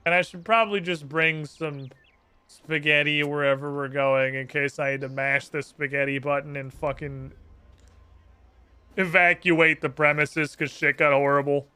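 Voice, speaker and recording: Brash, bright-voiced gaming streamer man. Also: on the high side, fairly even intonation, moderate pace, clean tone, no room sound. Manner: brash and profane, thinking aloud. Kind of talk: live gameplay commentary.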